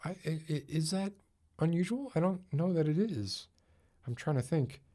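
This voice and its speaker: A man's voice: fairly high pitch, animated, moderate pace, warm tone. A man hosting a casual livestream chat, rambling and chatty with lots of fillers. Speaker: podcast host.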